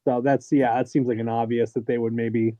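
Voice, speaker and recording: Mellow man talking sports, dry lo-fi sound. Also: medium pitch, level tone, no room sound. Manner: measured, thinks aloud with fillers. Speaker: sports podcast panelist. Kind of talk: casual sports analysis. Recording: dry, slightly dull lo-fi sound.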